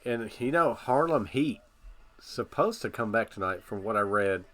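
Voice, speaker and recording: Laid-back low-voiced man reacting casually. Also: expressive, normal speed, fairly bright tone. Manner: laid-back, rambling, uses filler phrases. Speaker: live stream reaction host.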